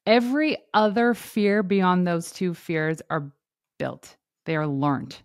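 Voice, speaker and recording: This is a woman hosting a podcast, talking in an easy conversational way. Her voice sits a little low for a woman. She gets animated and often acts out what other people said, laughing as she goes. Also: slow, dry recording, clean studio sound. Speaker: podcast host. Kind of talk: casual interview chat.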